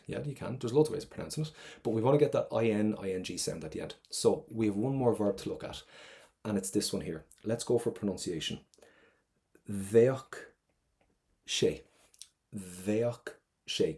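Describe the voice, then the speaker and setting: A man's voice: fairly low pitch, gravelly, mellow. A man with an Irish accent teaching an online exam-prep lesson, chatty and encouraging, repeating phrases for drilling.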